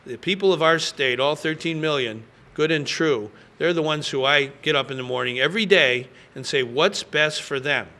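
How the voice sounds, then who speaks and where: Governor at a press conference: man in his sixties, slightly high, bright, forceful delivery, folksy and emphatic, lots of "uh". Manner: folksy, emphatic, frequent fillers. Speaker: state governor.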